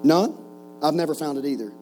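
A man's voice: on the high side, expressive, brisk, darkish tone, faint music behind, poor audio. A man in his forties preaching to a camp group, telling stories with jokes and rhetorical questions. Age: 40s. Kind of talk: sermon with stories.

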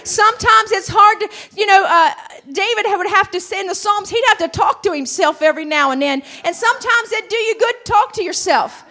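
High-voiced woman preaching. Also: fairly quick, hardly any pauses, faint music behind. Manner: rising to shouted fervor, calls of hallelujah. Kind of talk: sermon.

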